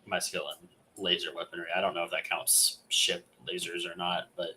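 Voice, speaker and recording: A man co-hosting a gaming podcast, chatting casually with lots of fillers and lively retellings. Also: low voice, a little fast, a little hiss or hum, poor audio. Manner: rambling, many fillers, animated retelling. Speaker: podcast co-host.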